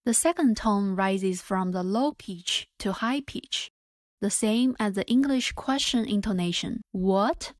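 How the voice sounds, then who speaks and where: A woman teaching a pronunciation lesson, modelling each sound carefully and deliberately. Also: medium pitch, dry recording, clean studio sound. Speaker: Mandarin teacher. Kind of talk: slow, clear pronunciation lesson.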